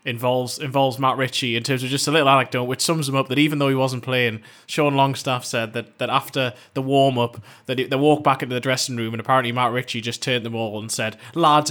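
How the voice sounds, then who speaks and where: A man's voice: medium pitch, fairly bright tone. A man, a football journalist, chatting on a podcast, often restarting and repeating words as he thinks. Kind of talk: casual football podcast chat.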